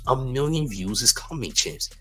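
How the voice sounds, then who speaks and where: A man's voice: medium pitch, lively intonation, moderate pace, faint music behind, voice pushed up, lightly acted. A man mimicking a giddy male street vlogger who is gloating over a shooting, in a breathless, mocking voice. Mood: gleeful mockery.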